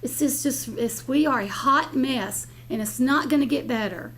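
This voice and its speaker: Older woman commissioner, blunt and emotional, a bit high-pitched, speaking up at a public meeting. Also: moderate pace, fairly bright tone, slight background noise. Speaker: county commissioner. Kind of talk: impassioned remarks at a public meeting.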